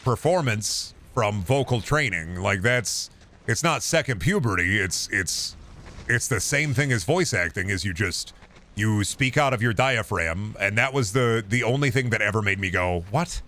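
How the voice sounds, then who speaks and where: Deep-voiced rambling man streamer. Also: lively intonation, normal speed, bright, forceful tone. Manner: rambling, with many restarts and casual swearing; trained performance voice. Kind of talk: casual stream chat.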